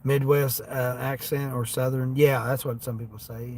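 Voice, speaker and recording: A man's voice: mid-range voice, level tone, normal speed, darkish tone, a little hiss or hum. A man hosting a casual livestream from inside his vehicle, rambling to viewers as he drives. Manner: rambling, talks to viewers while driving. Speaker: livestream host.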